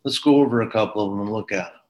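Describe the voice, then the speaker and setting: A man's voice: on the low side, rapid-fire, highs cut off. A man giving a training lecture to police officers, earnest and emphatic, with frequent repetition.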